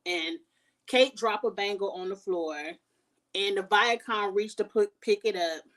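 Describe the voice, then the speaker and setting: Blunt, animated woman recapping a show. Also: mid-range voice, unhurried, recorded from a distance. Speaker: TV show reviewer. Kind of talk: casual recap chat.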